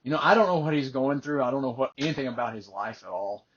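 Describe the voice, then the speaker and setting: A man's voice: medium pitch, expressive, quick pace, fairly bright tone, husky, lo-fi sound. An older man, a life coach, earnestly telling a personal faith story and often repeating words as he starts a phrase.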